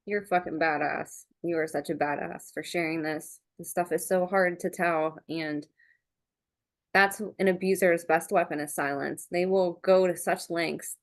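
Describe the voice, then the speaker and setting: A woman hosting a podcast, responding to her guest in an earnest, emphatic way, thinking aloud with restarts. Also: fairly low pitch. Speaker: podcast host. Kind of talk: casual conversational interview.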